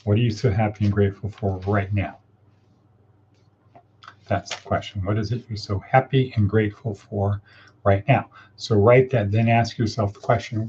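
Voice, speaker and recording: A man's voice: on the low side, steady tone, normal speed, darkish tone, lo-fi sound, slight background noise. A man hosting a casual morning coaching livestream, upbeat and encouraging as he reads viewer comments and guides listeners through steps.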